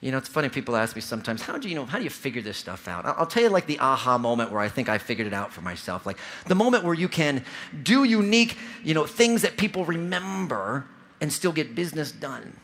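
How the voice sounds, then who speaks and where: A man's voice: mid-range voice, fast talker. A man in his forties from Ohio, giving a motivational keynote speech to a large convention audience, telling stories with lots of energy and speaking directly to the crowd. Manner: energetic, storytelling, audience-engaging. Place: large convention hall stage.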